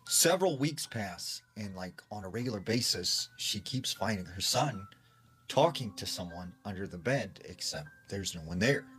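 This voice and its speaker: Low-voiced man casually telling a scary story. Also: fairly bright tone. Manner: chatty, lots of "like" and "she's like".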